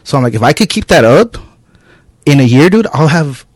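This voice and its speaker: A man's voice: fairly high pitch, very animated, a little fast, slightly rough, dry recording. A man hosting a podcast in a loose, casual chat, rambling with lots of filler words. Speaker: podcast host. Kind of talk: casual conversational interview.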